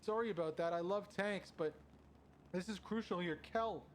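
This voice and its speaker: A man casting a competitive online shooter match as play-by-play commentator, quick and conversational, climbing in pitch when the action heats up. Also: a little hiss or hum. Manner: excited, rising sharply at big plays. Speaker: shoutcaster.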